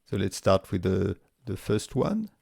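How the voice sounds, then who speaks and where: Gravelly man explaining a spreadsheet tutorial. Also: low voice, a little slow, dry recording, studio quality. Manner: relaxed step-by-step explaining with fillers and restarts. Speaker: tutorial presenter. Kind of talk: screen-recorded software tutorial.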